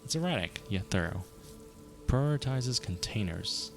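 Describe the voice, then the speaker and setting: A man's voice: lowish voice, very animated, measured pace, music in the background. A man reading a dry, formal police lieutenant.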